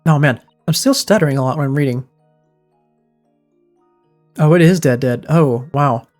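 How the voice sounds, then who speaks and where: A man's voice: a little high, normal speed, a little mellow. A man streaming a game from home, chatting and thinking aloud in a rambling, casual way with faint game music in the background. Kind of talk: casual gaming commentary.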